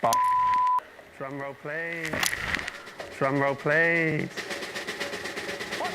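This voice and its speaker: A man playing a comedy video game who reads the characters' lines aloud in animated mock voices. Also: a little high, drawn-out words, pauses often, loud music behind the voice. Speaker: gamer reading game dialogue aloud. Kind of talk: playful game playthrough commentary.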